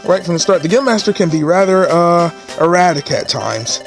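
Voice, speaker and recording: A man's voice: high-pitched, animated, moderate pace, faint music behind. A man voicing a fussy, pompous male bird who serves as a guild assistant, talking in a prim, officious, lecturing way.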